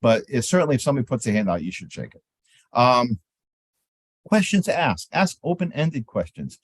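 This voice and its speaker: A man's voice: medium pitch, normal speed, husky, no room sound. A man giving a casual seminar talk on trade show manners, often acting out sample conversations with booth visitors. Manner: animated, acts out sample exchanges in lively voices.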